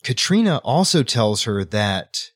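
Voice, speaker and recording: A man's voice: mid-range voice, sing-song, measured pace, dry recording, studio quality. A man hosting a casual book discussion podcast, recapping a chapter in a chatty way. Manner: chatty retelling, acting out characters. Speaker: podcast host.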